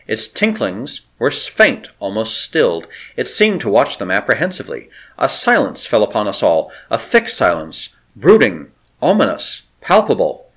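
Lively dramatic male storyteller. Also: mid-range voice. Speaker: audiobook narrator. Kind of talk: scripted narration.

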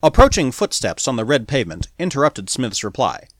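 A man narrating an audiobook in a measured, expressive storytelling manner. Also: medium pitch, no room sound.

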